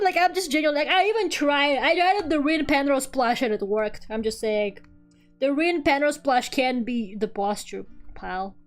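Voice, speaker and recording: A fairly high-voiced woman chatting on a live drawing stream, rambling from one story to the next. She swears casually and breaks into laughs. Soft music plays faintly behind her. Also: normal speed. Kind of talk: casual chat while drawing.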